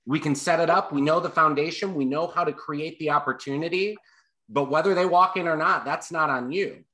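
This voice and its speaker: A man's voice: on the high side, fairly quick, sharp tone. A man co-hosting a real estate coaching class, talking casually to the group about mindset. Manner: casual, talks to the group as "you guys". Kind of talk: mastermind class discussion.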